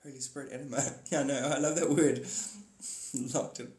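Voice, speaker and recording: A man's voice: medium pitch, fairly even intonation, brisk, darkish tone. A man hosting a livestream, rambling casually about spirituality and laughing often. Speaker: livestream host. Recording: echoey room.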